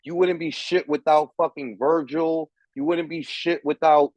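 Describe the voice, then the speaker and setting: A man's voice: a little high, fairly even intonation, a little slow, a little mellow, no echo, low-quality recording. A man hosting a podcast, ranting in heated, profane, emphatic casual talk. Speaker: podcast host. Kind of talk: casual chat.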